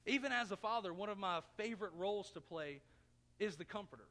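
A man's voice: high-pitched, expressive, fast talker, bright, forceful tone. A man in his thirties preaching a sermon, telling a personal story in a folksy, self-mocking way. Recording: long reverb of a church hall.

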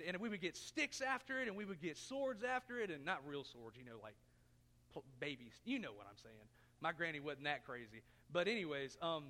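A man's voice: on the high side, bright, forceful tone. A man in his thirties preaching a sermon, telling a personal story in a folksy, self-mocking way. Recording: long reverb of a church hall.

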